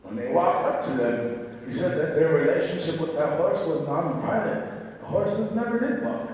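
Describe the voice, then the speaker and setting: A man's voice: on the high side, moderate pace, a little mellow. A man from the Dakota region giving a reflective, emotional personal talk about horse therapy at a university event. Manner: earnest, reflective, emotional storytelling. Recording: echoey hall, voice far from mic.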